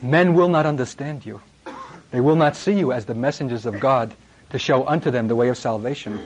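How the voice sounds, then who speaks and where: A middle-aged man preaching a sermon, impassioned and dramatic, swinging from loud emphasis to hushed words. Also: mid-range voice, fairly quick, slight background noise, rough recording.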